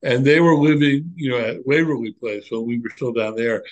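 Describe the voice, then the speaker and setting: An older man, a former monk, reminiscing in a relaxed, candid conversation and telling animated stories. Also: medium pitch, normal speed, highs cut off. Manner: animated storyteller, candid and reflective.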